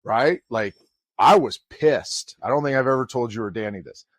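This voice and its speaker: A middle-aged college volleyball head coach tells a story during a podcast conversation, speaking at a normal pace in a mid-range voice. He's an animated storyteller who acts out the people he quotes, and the studio-quality recording has no room sound.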